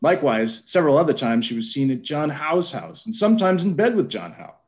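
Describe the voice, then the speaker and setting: A man reading the part of an aggrieved husband complaining to a court about his wife, in a steady, plain reading. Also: a little high, a little fast. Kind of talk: dramatic reading of court records. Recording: dull lo-fi sound.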